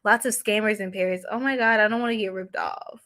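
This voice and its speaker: A woman's voice: medium pitch, fairly even intonation, quick pace, fairly bright tone. A playful, giggly woman from New York, chatting casually as host of a psychic reading livestream. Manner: playful and giggly, laughs often.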